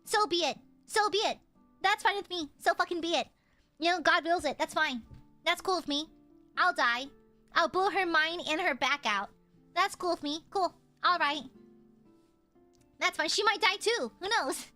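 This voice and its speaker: A woman's voice: very high-pitched, moderate pace, pauses often, bright, forceful tone, soft background music. A young woman streamer chatting casually and teasing her viewers in a playful, goofy way. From United States.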